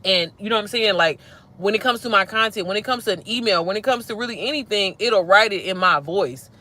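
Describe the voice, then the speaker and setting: A woman hosting a casual livestream, animated and slangy, talking straight to her viewers. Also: mid-range voice, fairly quick. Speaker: livestream host.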